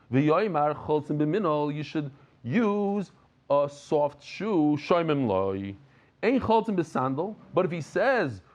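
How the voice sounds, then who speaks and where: A man giving a lively Daf Yomi Talmud lesson, dropping Hebrew and Yiddish terms and repeating words as he pushes a point. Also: a little high, muffled recording. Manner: repeats and restarts words, jokes with listeners.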